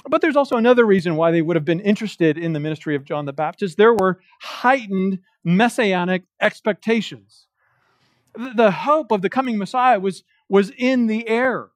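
A man with a notably high voice preaching verse by verse through a passage. He leans hard on quoted lines, slowing to stress each word. The sound is close and dry, with little room around it. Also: dry recording. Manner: emphatic preaching with slow, stressed quotations of scripture. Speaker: pastor. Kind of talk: expository sermon. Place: church.

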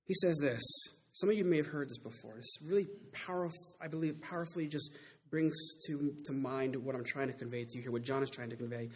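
A man preaching a sermon with emphatic delivery that builds to loud climaxes and slows down to stress key words. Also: medium pitch, breathy edge.

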